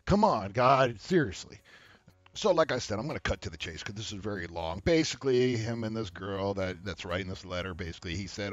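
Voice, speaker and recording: A man hosting a casual advice rant to camera, blunt and profane, laughing often and mimicking people in high mocking voices. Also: brisk, no room sound. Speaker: dating advice host.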